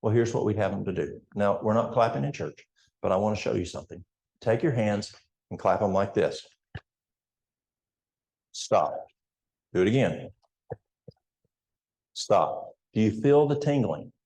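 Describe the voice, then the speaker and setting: Man, older, Appalachian accent, folksy health educator, warm tone, echoey church. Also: on the low side, brisk, vocal fry. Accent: East Tennessee Appalachian. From East Tennessee. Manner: folksy, storytelling, addresses the audience directly. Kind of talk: health seminar talk in church.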